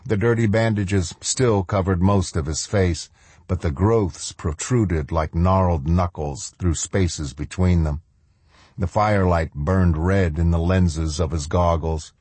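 Male audiobook narrator, grave and measured; slow pace, dry close sound. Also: low voice, darkish tone, slightly rough, no room sound. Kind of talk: scripted narration.

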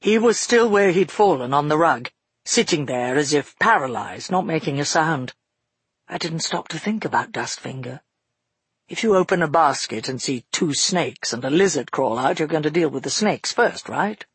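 Man voicing an earnest father telling a tale, measured, slightly husky, fairly high voice, dry close sound. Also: lively intonation, a bit bright, no room sound, full character voice. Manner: measured, earnest storytelling in first person. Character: grown father recounting a frightening past, shaken. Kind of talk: audiobook narration.

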